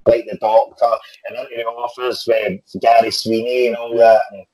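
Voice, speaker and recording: A man's voice: mid-range voice, flat delivery, normal speed, darkish tone, no room sound, poor audio. A man with a Scottish accent, a guest actor telling stories in casual chat, swearing freely and laughing often.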